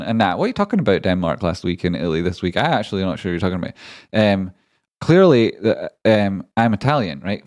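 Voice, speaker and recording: A man's voice: deep voice, animated, fast, darkish tone, no room sound. Rambling, jokey man chatting. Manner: rambling, jokey, swears casually. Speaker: livestream trading host. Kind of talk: casual live-stream chat with viewers.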